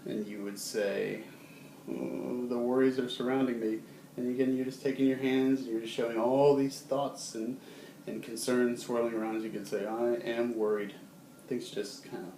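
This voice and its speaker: A man teaching a casual video lesson in a relaxed way, with many ums, who acts out short example phrases. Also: mid-range voice. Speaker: sign language teacher. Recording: roomy, distant, faint background hum.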